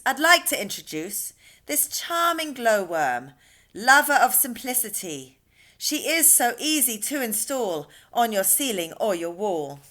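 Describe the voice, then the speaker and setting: A woman's voice: fairly high pitch, sharp tone, heavily acted. A woman voicing a cheerful small boy in a storybook reading, bubbly and sing-song as he recites verse.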